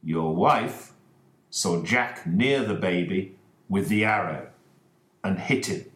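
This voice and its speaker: A calm, precise detective with a low voice and a slow, measured delivery, as read by a male narrator. His pitch moves expressively, and the recording sounds roomy and echoing. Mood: explaining. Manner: measured explaining.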